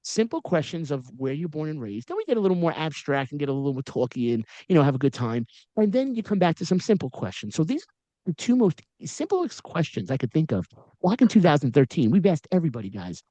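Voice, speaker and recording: A podcast host in his forties with a high voice talks to guests in a loose, slangy style. He keeps telling long stories full of asides. The sound is dry and close, with no room echo. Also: very animated, quick pace, dark tone, highs cut off. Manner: storytelling with frequent slang and asides. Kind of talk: casual interview chat.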